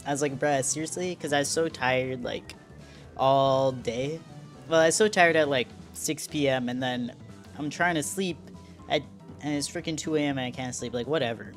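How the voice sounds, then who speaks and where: A young adult streamer chatting casually with viewers in a slangy, self-mocking way. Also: medium pitch. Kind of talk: casual live-stream chat.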